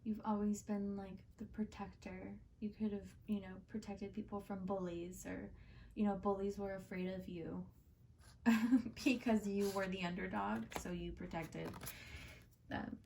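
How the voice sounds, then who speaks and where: A woman's voice: medium pitch, level tone, a little slow, vocal fry, a little mellow, distant mic, slight background noise. Chatty woman giving a tarot reading. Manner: chatty and heartfelt, with many fillers like "like" and "um". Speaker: tarot card reader and channel host. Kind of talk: casual spoken tarot reading.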